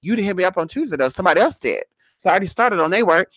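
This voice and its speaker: A woman's voice: fairly low pitch, lively intonation, racing, a bit bright, dry recording. A woman who does paid spiritual casework, chatting bluntly and sassily with viewers on a live stream and calling them honey.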